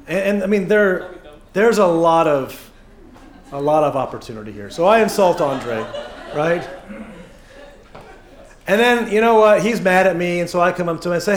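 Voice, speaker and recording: A man delivers a sermon in a relaxed, conversational way, joking with the congregation and slipping into little acted asides. His voice sits high for a man, and the sound rings with the echo of a church hall. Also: normal speed, long pauses. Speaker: pastor. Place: church sanctuary.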